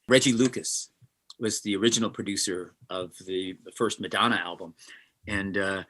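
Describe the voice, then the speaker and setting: Man, interview guest, animated storyteller, bright tense tone. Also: low-pitched, normal speed. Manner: animated, acts out quotes. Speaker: session guitarist, guest.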